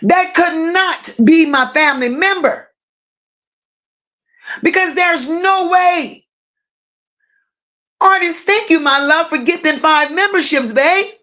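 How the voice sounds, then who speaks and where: Her very high, bright voice carries a forceful tone as this livestream host delivers true-crime commentary. She rants confrontationally, stresses words heavily, and breaks off now and then to thank chat viewers.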